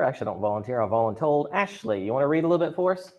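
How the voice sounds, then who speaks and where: Speaking very fast with lively intonation, a man with a fairly high, slightly mellow voice teaches drama and chorus on a video call. He's chatty and upbeat, joking with his students, and the computer mic makes the audio sound dull.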